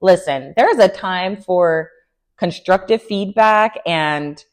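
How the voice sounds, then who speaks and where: A woman giving sassy, opinionated recap commentary on a reality show with lively slangy asides. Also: on the low side, slow. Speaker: recap vlogger.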